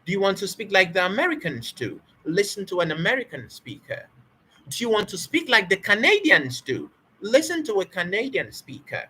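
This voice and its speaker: Woman, English-speaking coach, bright breathy voice, emphatic and repetitive. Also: mid-range voice, sing-song, moderate pace. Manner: emphatic, repetitive, asks rhetorical questions. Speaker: spoken English teacher. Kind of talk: motivational teaching talk.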